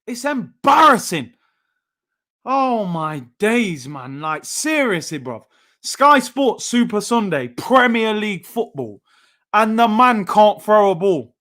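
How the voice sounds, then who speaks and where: A man, hosting a live football watchalong with frustrated, animated outbursts at the play. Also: high-pitched, slow pace. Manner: frustrated, animated fan reactions, loud outbursts. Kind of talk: live match watchalong reaction.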